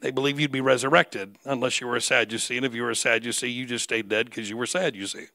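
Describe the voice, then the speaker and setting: A man preaching an animated sermon with humor, acting out the voices of figures he quotes. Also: mid-range voice, fast talker, gravelly. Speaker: guest preacher.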